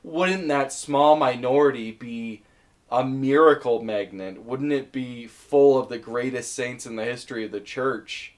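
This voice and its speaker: A man of ordinary pitch talks through a list of topics in a relaxed commentary voice. He thinks aloud as he goes, with small fillers and restarts. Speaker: video essayist.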